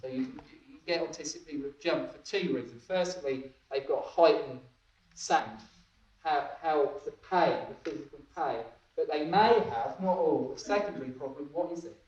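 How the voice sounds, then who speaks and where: A man's voice: a little high, moderate pace, darkish tone. A man giving a training talk, often laughing and checking that his listeners follow. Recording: echoey room, distant dull mic.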